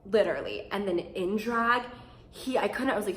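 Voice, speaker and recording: A young adult woman vlogging in casual chat to camera, candid and animated, swearing freely and laughing often. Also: mid-range voice, moderate pace, slight background noise. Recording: roomy echo.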